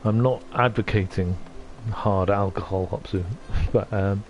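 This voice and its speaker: A middle-aged man chatting on a livestream, soft-spoken and halting, often moved. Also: lowish voice, fairly even intonation, highs cut off. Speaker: streamer. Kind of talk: casual livestream chat.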